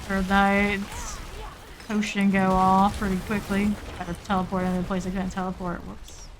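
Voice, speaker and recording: A woman streams gameplay live, calling out her moves in short, calm, matter-of-fact bursts at a middle pitch and normal speed. A clear, steady hiss like rain runs under her voice in the stream audio.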